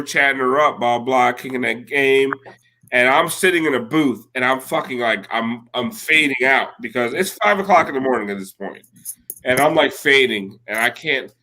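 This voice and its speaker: A man's voice: medium pitch, sharp tone, a little hiss or hum. A man in his late thirties telling a rambling, profane story in casual chat as a podcast co-host. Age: late 30s.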